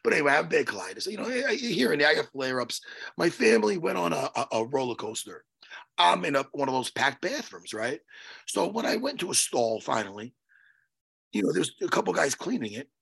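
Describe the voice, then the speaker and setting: A man telling a story on a podcast in a casual, animated way, swearing and loudly acting out what people said. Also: a little high, fairly quick, gravelly, husky. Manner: animated, swearing, acts out his own quotes loudly. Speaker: podcast co-host.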